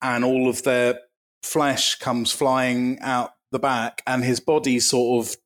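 A man co-hosting a podcast, chatting casually with a dry, deadpan delivery and vivid, gory descriptions. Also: mid-range voice, slow. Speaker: podcast co-host. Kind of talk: casual comedic chat.

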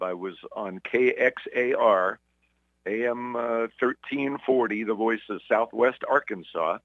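A man in his seventies from Brooklyn, telling relaxed anecdotes about his career in an interview. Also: lowish voice, dry recording, muffled recording. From Brooklyn, New York. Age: 70s. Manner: relaxed anecdotal storyteller, acts out quoted voices. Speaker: sportscaster guest. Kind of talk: casual interview storytelling.

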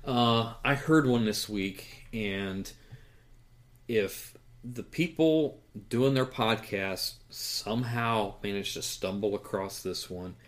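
A man's voice: on the low side, slow. A man co-hosting a podcast in casual chat, rambling with many fillers and chuckles. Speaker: podcast co-host.

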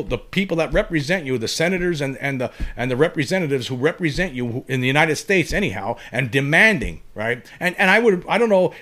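A man's voice: on the high side, a bit bright. A man giving impassioned opinion commentary on his vlog, repeating himself and restarting sentences as he urges his viewers to act. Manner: impassioned, repetitive, full of restarts. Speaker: online commentator.

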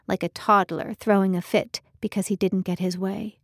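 A woman narrating a romance novel in a calm, measured audiobook reading. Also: mid-range voice, dry recording, studio quality. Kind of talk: scripted narration.

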